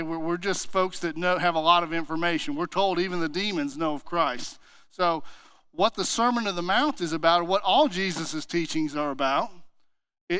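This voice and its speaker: A man's voice: high voice, bright, forceful tone, smooth, dry recording. A man teaching a church Bible class in a conversational way, asking himself questions and retelling stories with animation.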